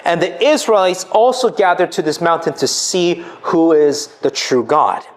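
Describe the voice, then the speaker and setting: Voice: medium pitch, animated, moderate pace. A preacher giving a conversational sermon, reading verses aloud and often checking in with "right?". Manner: conversational, tags sentences with 'right?'; reads verses aloud between explanations. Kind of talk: sermon retelling a scripture passage.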